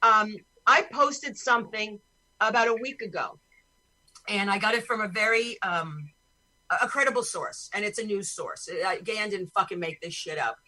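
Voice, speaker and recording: Bright-voiced woman host ranting bluntly. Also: medium pitch, normal speed, low-quality recording. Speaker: podcast host. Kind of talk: casual chat on a video call. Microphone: video call.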